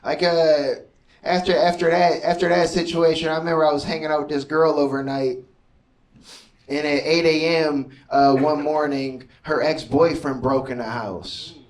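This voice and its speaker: A man's voice: a little high, level tone, normal speed, distant mic, low-quality recording. Laid-back profane stand-up comedian, man. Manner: loose storytelling, profane, laid-back asides.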